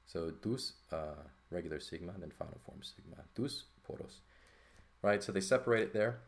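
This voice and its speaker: A man's voice: low-pitched, brisk. A man teaching a textbook lesson in a loose, thinking-aloud way, full of fillers and "right?" checks. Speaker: Greek teacher. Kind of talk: informal lesson walkthrough.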